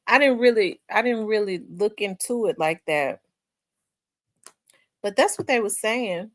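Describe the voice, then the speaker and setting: A woman with a Memphis Southern accent, hosting a livestream in casual chat, rambling and repeating herself and quick to laugh while she reads viewer comments. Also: medium pitch, a bit bright, no room sound. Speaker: livestream host.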